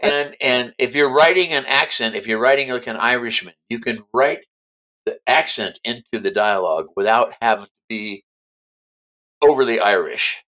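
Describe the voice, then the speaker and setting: A man in an interview who talks at an even middle pitch. He is chatty and emphatic and keeps circling back to restate his points. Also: moderate pace. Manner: chatty, emphatic, repeats himself. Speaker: author guest. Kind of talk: casual interview chat.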